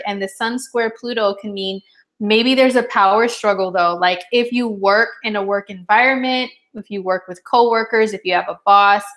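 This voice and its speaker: A woman astrologer in her thirties giving a casual horoscope chat, chatty and animated, acting out little dialogues and laughing often. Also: mid-range voice.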